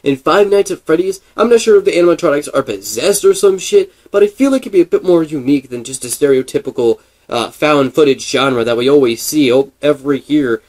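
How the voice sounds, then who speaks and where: A man talking casually into the mic, his voice sitting a little high. He rambles and thinks out loud, stumbling over fillers and restarting his sentences as he goes. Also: expressive, a little fast, few pauses. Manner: chatty, thinking aloud. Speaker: gaming video creator. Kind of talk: casual commentary.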